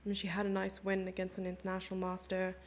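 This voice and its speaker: A woman's voice: mid-range voice, completely flat delivery, quick pace, a little hiss or hum. A young South African woman commentating a chess stream live and chatting with her viewers in a giggly, casual way. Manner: chatty, giggly, reads chat messages aloud.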